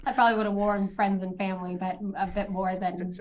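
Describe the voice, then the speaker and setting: A woman's voice: mid-range voice, level tone, fairly quick, a little mellow, lo-fi sound. A middle-aged woman lawyer answering interview questions in a chatty storytelling way, with light laughs.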